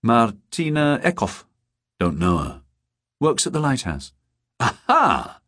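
A man reading a story voices an eager young male detective, chatty and excitable. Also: medium pitch, slow pace, dry recording, clean studio sound, full character voice.

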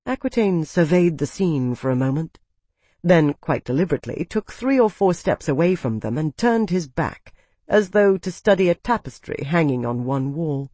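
An audiobook narrator reading a fantasy novel in a steady, expressive, dramatic way. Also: mid-range voice, moderate pace, no room sound.

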